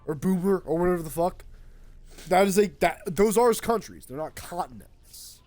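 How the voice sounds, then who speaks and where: A man's voice: high voice, normal speed, no room sound. A young man streaming a game, rambling and swearing freely in casual chat with a friend. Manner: rambling, excitable, swears a lot.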